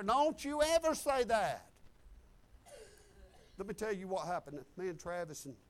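A male pastor preaching a sermon, telling personal stories in an animated, exclamatory way. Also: a little high. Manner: animated, exclamatory, chuckling storyteller.

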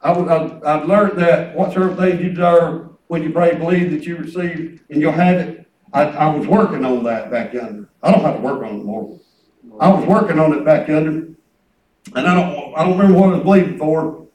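Man, preacher, folksy sermon, high voice, distant mic, roomy church echo. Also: fairly quick, a little mellow. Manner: folksy storytelling preacher, acts out dialogue. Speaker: pastor. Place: church hall.

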